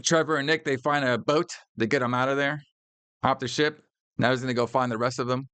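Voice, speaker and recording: A man co-hosting a podcast, casually recapping a horror movie scene by scene, profane and animated, acting out the characters' lines. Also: mid-range voice, a little fast, smooth, no room sound. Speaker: podcast co-host.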